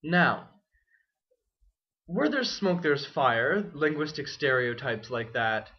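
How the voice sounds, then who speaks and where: A man's voice: fairly high pitch, animated, slow. A young man and student, talking in a wry, self-deprecating and rambling way in a casual vlog. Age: young adult. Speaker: student vlogger. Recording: dull lo-fi webcam audio.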